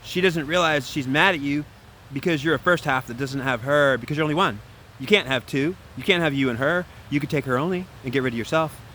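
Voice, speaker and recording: A man giving a casual spoken tarot reading, animated and preachy, talking straight to the listener. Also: on the high side, brisk, slight background noise. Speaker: tarot reader.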